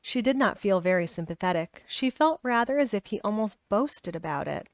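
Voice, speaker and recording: A woman reading a children's novel aloud in steady storybook narration, with a few small restarts. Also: mid-range voice, moderate pace, no echo, studio quality. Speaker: reader.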